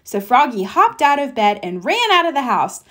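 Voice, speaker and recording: A woman reading a children's picture book aloud, with an expressive, unhurried manner. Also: high-pitched. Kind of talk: read-aloud storytelling.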